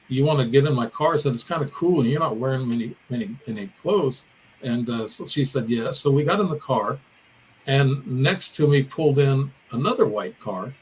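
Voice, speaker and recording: A mid-range male voice tells a winding story on a rough recording with a bit of background noise. The speaker is an older podcast guest from Illinois recounting a personal encounter in meandering detail, correcting himself as he goes.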